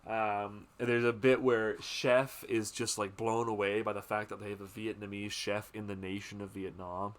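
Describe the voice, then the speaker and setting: A man hosting a podcast, chatting casually about a film in a rambling way, with plenty of fillers, swearing and quick asides. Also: fairly low pitch, flat delivery. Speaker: podcast host.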